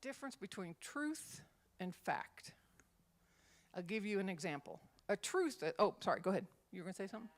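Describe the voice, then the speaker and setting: A woman's voice: mid-range voice, sing-song, a little fast. A woman minister and former schoolteacher leading a Bible study, talking conversationally and acting out example phrases in different tones.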